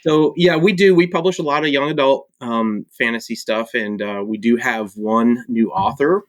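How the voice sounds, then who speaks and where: A man from Michigan, an author and publisher, talking casually as a podcast guest, relaxed and hesitant with frequent ums. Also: medium pitch, moderate pace, no room sound. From Michigan, USA. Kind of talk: casual conversation.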